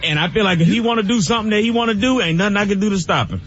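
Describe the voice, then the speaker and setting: A man's voice: high voice, animated, racing, fairly bright tone. A man co-hosting a radio morning show, stammering and poking fun at his own fears. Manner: stammering, self-deprecating. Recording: muffled radio broadcast with faint music.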